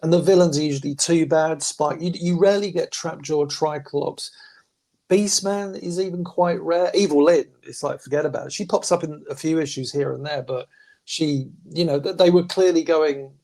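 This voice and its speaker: A man chatting casually as a podcast host reviewing comics, animated and quick to mimic voices. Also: fairly high pitch. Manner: animated, slips into mocking voices for quotes. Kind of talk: casual chat.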